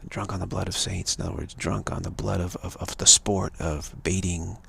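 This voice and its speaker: A man's voice: sits low, level tone, moderate pace, gravelly, a bit bright, breathy edge. A man giving a rambling spiritual talk on a live stream, repeating himself and restarting words often. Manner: repetitive, stumbling restarts, earnest. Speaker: spiritual teacher.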